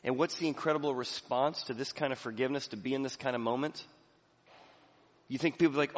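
A man's voice: mid-range voice, fairly quick. Man preaching a sermon in a hall. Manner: emphatic preaching that swings from soft to loud. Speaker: pastor. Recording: reverberant hall, slightly dull sound.

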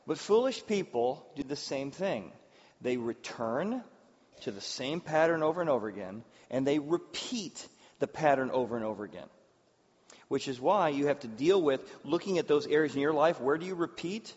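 Male pastor, higher voice, lively storytelling sermon, long hall reverb, dull sound. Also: normal speed. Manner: animated storytelling with acted-out voices. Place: church hall with audience.

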